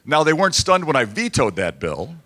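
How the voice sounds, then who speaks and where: A man's voice: a little high, big pitch swings, fairly quick, bright, forceful tone. A man speaking as a governor at a political dinner, telling stories with quoted back-and-forth and repeating lines for emphasis. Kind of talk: campaign-style speech. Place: banquet hall at a dinner event.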